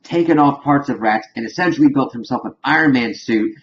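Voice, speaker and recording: A man's voice: mid-range voice, fairly quick, dull audio. A man casually recapping a TV episode in a rambling way, saying "like" constantly. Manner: rambling, heavy use of "like". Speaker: TV episode reviewer.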